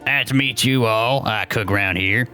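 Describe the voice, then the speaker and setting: A man voicing an older, gruff male gnome camp cook who talks bluntly in crude country slang. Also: mid-range voice, normal speed, sharp tone, soft background music.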